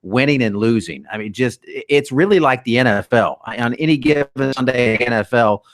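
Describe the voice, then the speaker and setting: A man's voice: medium pitch, brisk. A man co-hosting sports talk radio, giving rambling opinions with many restarts.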